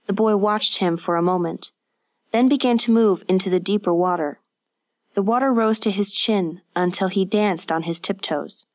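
A woman narrating a scripted story in a measured, vivid reading. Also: mid-range voice.

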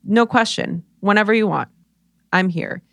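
A woman's voice: mid-range voice, normal speed, vocal fry, no room sound. A woman hosting a podcast, talking candidly and swearing freely as she acts out her own reactions. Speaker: podcast host. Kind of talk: casual chat.

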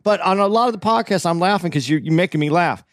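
A comedian co-hosting a podcast, talking in a slightly high voice that rambles and doubles back on its words. The sound is dry and close, with no room around it. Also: male voice, expressive, quick pace, dry recording. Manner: rambling, repeats words as he goes. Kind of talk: casual chat.

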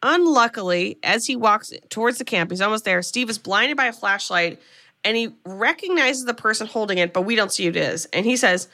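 Podcast host, woman, bright tone, chatty plot recap. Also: medium pitch, lively intonation, normal speed. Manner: chatty storyteller, quotes characters. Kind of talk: casual movie recap.

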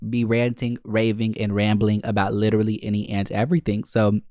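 A young man hosting a podcast, telling candid stories in a sassy, animated way and acting out other people's lines. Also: brisk, no echo, studio quality. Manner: sassy, animated, swings into high camp voice for punchlines; acts out quoted people with shifted voices. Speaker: podcast host.

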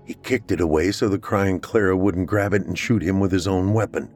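A man narrating a scripted horror story in a steady, measured way. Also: low voice, faint music behind.

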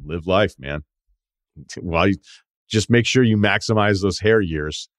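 A man's voice: sits low, measured pace, no room sound, clean studio sound. A man hosting a casual podcast, reading a listener email aloud and riffing on it with wry, profane asides. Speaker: podcast host.

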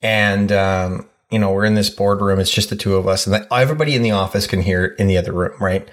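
A man co-hosting a podcast, calmly telling stories and acting out what people said, with kids at home. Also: fairly low pitch, quick pace. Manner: calm, storytelling, acts out quotes. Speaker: podcast co-host. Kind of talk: casual chat.

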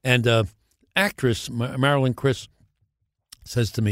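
An older actor telling animated show-business stories as a podcast guest, acting out the voices of others. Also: male voice, mid-range voice, normal speed, dry recording, studio quality. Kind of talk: anecdotal storytelling.

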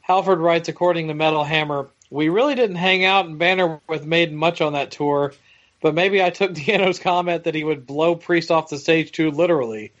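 A man in casual chat who reads passages aloud and adds wry, amused remarks. His voice sits somewhat high for a man. The recording sounds dull and lo-fi. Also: moderate pace, a bit bright. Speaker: podcast co-host.

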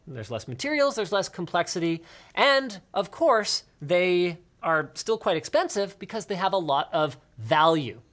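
A male tech show host chats in a loose, rambling way, his pitch swinging up and down as he jumps between points. He corrects himself mid-sentence and piles on asides. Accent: Canadian. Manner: animated, rambling, quick asides and self-corrections. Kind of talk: casual chat.

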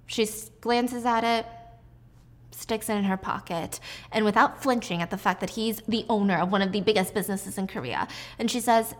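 A woman casually retelling a television drama in a chatty, animated way, with jokey asides. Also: mid-range voice, normal speed. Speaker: drama recap host. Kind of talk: casual drama recap storytelling.

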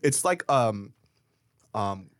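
A man bantering on a podcast, joking and swearing with a widely varied pitch. The sound is dry and close to the mic. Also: lively intonation, drawn-out words, no room sound. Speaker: podcast co-host. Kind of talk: casual chat.

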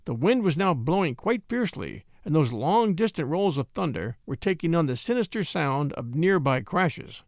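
A man narrating an old-fashioned tale with an expressive storytelling delivery. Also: fairly high pitch, moderate pace, hardly any pauses, no echo, clean studio sound.

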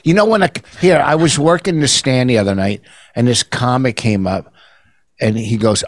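An older man co-hosting a casual chat, arguing back fast and defending himself. His pitch swings widely from line to line, in a dry, close recording. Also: expressive, no room sound. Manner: defensive, quick to argue. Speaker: comedian co-host.

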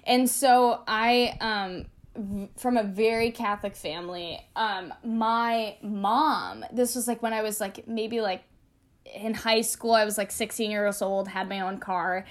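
A woman's voice: medium pitch, measured pace. A young woman co-hosting a casual podcast, telling a personal story with lots of laughter and "like" fillers. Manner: animated, laughing, many "like" fillers. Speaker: podcast co-host.

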